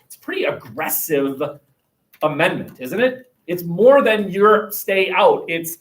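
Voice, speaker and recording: A man's voice: sits high, lively intonation, measured pace. Wry, rambling male history teacher. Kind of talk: classroom lecture. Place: classroom. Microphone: webcam.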